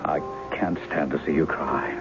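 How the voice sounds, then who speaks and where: A man's voice: very deep voice, steady tone, measured pace. An actor in his forties playing a charming writer who poses as a woman's lost husband, breezy and teasing, in 1970s radio drama style. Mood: rueful. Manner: teasing, breezy, later rueful. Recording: dull old radio broadcast with music.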